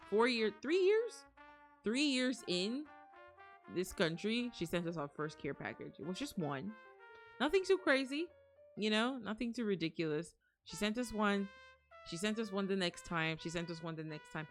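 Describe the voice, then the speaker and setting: A young woman chats with her live-stream viewers from home, her fairly low voice swooping up and down with animated energy. She rambles and restarts her sentences, and keeps breaking into excited gasps and laughter. Soft music plays faintly behind her. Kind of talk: casual live-stream chat.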